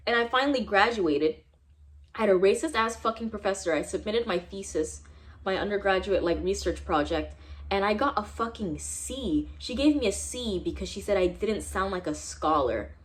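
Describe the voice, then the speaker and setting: A woman's voice: medium pitch, animated, fairly quick. A young American woman from San Diego in her twenties, telling a vlog story about her experiences in an angry, profane, emphatic rant. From San Diego, United States. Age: 20s. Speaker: vlogger. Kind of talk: heated personal storytime vlog.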